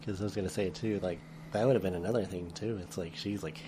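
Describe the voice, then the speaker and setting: A man's voice: low-pitched, fairly even intonation, fast talker, warm tone, slight background noise. A man co-hosting a podcast in casual chat, rambling with lots of filler words. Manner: rambling, many "like" fillers, laughs often. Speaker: podcast co-host.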